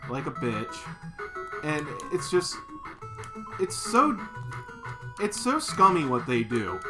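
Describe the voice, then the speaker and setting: A young man ranting in a satirical vlog, mock-outraged, swinging between low mumbles and shouting. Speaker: YouTuber. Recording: music playing underneath.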